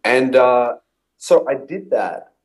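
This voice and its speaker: A man's voice: medium pitch, animated, slow, a little mellow, rough recording. A man, a guest in an interview, telling stories and acting out past conversations. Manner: storytelling, acts out his own past dialogue. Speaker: guest copywriter.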